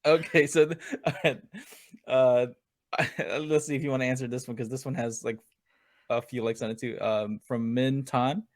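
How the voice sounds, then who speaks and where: A man hosting a casual podcast interview, talking in a halting way with many fillers and restarts. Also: mid-range voice, steady tone, dry recording, clean studio sound. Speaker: podcast host.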